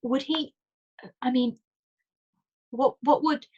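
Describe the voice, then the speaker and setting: A woman voicing an anxious, frightened grown woman who hesitates and falters, her voice turning shrill. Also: moderate pace, darkish tone, breathy edge, highs cut off. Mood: faltering.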